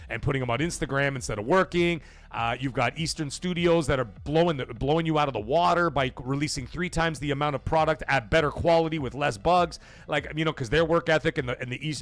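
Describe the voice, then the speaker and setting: This gaming livestream host is a man who rants casually and animatedly, full of profanity and rhetorical questions. He performs quoted voices, jumping his pitch to do so.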